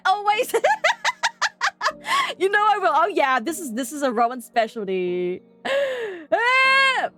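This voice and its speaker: A young Australian woman streaming, chatting casually to her viewers, giggling and gasping excitedly. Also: high voice, faint music behind. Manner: giggly, bubbly and excitable, quick gasps and squeals. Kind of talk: casual live-stream chat.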